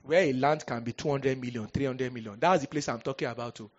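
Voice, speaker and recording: A male pastor with a Nigerian accent preaching a storytelling sermon. He is animated and humorous, slips into pidgin and bursts out loudly at times. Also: mid-range voice, quick pace, muffled recording, slight background noise. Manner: animated, humorous, breaks into pidgin, sudden loud outbursts.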